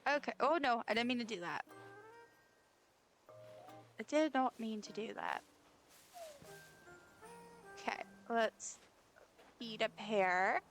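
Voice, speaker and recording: A woman's voice: fairly high pitch, takes it slowly, pauses often, a bit bright, faint music behind. A woman streamer chatting casually while playing a game, giggling and talking to the characters on screen. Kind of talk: casual gameplay chat.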